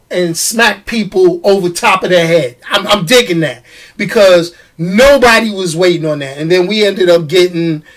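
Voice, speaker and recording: A man hosting a casual live show, talking straight to his commenters with quick restarts, repeated phrases and frequent laughter. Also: high-pitched. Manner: animated, stammering restarts, laughs often, talks to commenters. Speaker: show host. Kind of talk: casual live-stream chat.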